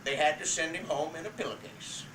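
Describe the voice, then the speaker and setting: A man voicing a folksy old nineteenth-century humorist who tells tall tales with a dry drawl and thoughtful pauses. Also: a little high, background noise, lightly acted. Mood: wry. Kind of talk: tall-tale performance. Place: family home. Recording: roomy, distant home video.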